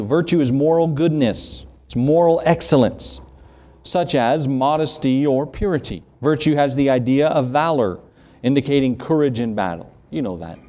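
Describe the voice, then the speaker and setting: A man's voice: medium pitch, mellow. Man, Southern accent, middle-aged pastor, earnest sermon, conversational asides.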